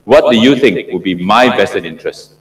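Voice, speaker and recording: A man's voice: lowish voice, lively intonation, moderate pace, recorded from a distance. A middle-aged man from Singapore giving an interactive classroom lecture as a professor, often asking the audience questions and repeating himself for emphasis. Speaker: professor lecturing on PhD supervision. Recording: roomy lecture hall echo.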